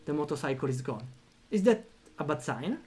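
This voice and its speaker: Higher-voiced man narrating a game. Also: brisk, soft background music. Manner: animated, reacts out loud, thinks aloud with fillers. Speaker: streamer playing a story game. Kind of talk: reading a text game aloud with commentary.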